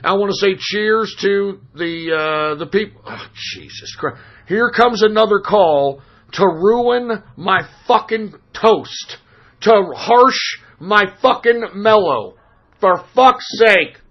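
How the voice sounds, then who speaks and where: A man hosting a call-in radio show, ranting in an exasperated, profane way, his voice hoarse from screaming. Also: high voice, slow. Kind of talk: profane talk radio rant. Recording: dull lo-fi stream audio.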